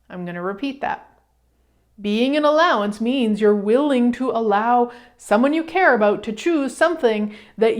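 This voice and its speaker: A woman hosting a self-help radio show, talking in an animated, casual way and acting out the voices she quotes, with some swearing. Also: on the high side. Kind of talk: motivational self-help talk.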